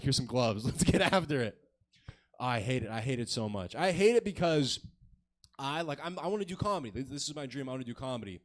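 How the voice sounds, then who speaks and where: A man in his twenties doing a crude, self-mocking stand-up set on a comedy club stage. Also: a little high. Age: 20s.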